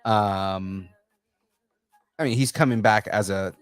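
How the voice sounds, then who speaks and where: Pria pembawa podcast bersuara rendah dan antusias. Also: male voice, on the low side, slow, smooth. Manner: enthusiastic, rambling with many fillers. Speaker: podcast co-host. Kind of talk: casual pop culture chat.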